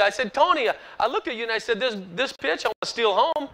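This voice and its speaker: A man in his forties, a former ballplayer, telling a lively story to an audience at a ballpark event and acting out the quotes. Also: very high voice, fast talker, hardly any pauses, rough recording. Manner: animated storyteller, acts out quotes, laughs at himself. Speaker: former pro baseball player speaking at an event.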